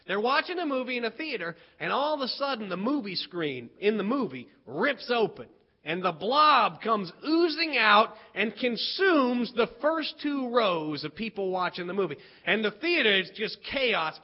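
High-voiced man telling an animated story. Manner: animated, dramatic build-ups and shouts. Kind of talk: storytelling performance. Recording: dull lo-fi recording.

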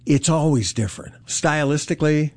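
A man's voice: fairly high pitch, normal speed. A man hosting an interview, asking curious, probing questions in a casual way. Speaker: interview host.

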